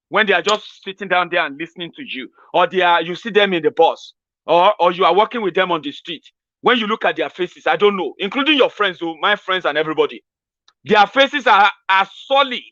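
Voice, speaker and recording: A man's voice: high-pitched, pushed and bright, no echo, muffled recording. A man with a Nigerian accent, a political commentator talking in a casual monologue, acting out street exchanges in pidgin.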